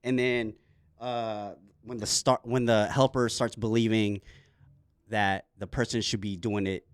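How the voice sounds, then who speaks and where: A man hosting a casual podcast chat, telling animated stories full of slang and swearing. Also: lowish voice, a little slow, smooth, no room sound, clean studio sound. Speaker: podcast host. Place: podcast studio.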